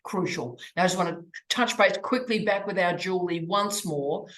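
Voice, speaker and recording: An Australian woman hosting a university information session, talking in an effusive, affectionate, energetic way. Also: fairly low pitch, normal speed, reverberant. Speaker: university graduate studies host.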